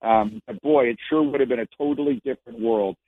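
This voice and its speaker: A man's voice: medium pitch, a little fast, no room sound. A man who used to be a sports reporter, speaking as a guest on a radio show and building his points by repeating phrases. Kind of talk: casual radio interview. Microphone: phone. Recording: dry tinny phone line.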